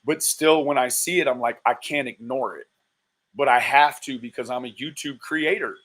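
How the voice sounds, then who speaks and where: A man's voice: mid-range voice, fairly bright tone. Exasperated man on a live stream. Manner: exasperated, swearing, slow disbelieving exclamations. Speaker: commentary streamer.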